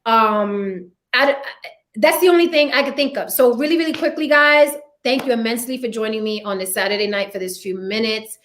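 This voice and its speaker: A woman hosts a casual live film review chat. Her voice sits high, and she talks in an animated way, often slipping into quoted voices to act out scenes. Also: brisk. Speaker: host.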